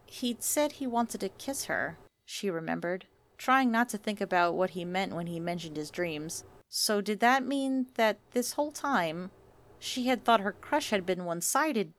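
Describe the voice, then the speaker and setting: A woman's voice: mid-range voice, animated, unhurried. Woman reading a romance story aloud. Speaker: narrator.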